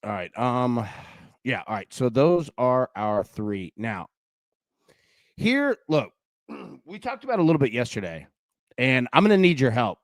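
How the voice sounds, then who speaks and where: A young man talks through a live sports-betting show with a pitch that bounces up and down. His delivery is chatty and animated, full of "dude" and "man". The sound is close and dry with no room around it. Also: measured pace, long pauses, dry recording. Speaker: host.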